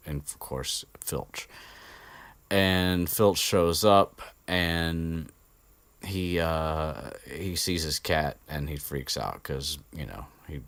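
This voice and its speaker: A man's voice: extremely low pitch, a bit bright, dry recording. A man chatting casually as a podcast host recapping a book chapter, rambling with many fillers and restarts, swearing now and then. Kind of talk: casual unscripted chat. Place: indoor room with an air conditioner.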